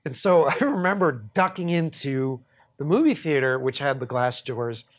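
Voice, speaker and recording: He's a thirtysomething podcast host from Boston, USA, spinning a meandering story with plenty of laughter and casual cursing. He speaks at a moderate pace in an expressive, mid-range voice.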